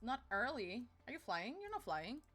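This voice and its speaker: Giggly high-voiced woman streamer. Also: very animated, moderate pace, fairly bright tone. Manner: giggly, playful, teasing. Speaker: live streamer. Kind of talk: casual stream chat. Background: faint music playing.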